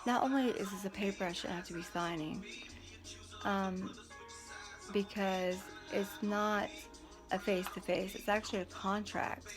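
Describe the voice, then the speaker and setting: A woman's voice: mid-range voice, steady tone, measured pace, music in the background. A woman telling a story to her viewers in a blunt, indignant, talkative way. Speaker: vlogger. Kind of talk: casual storytelling to camera.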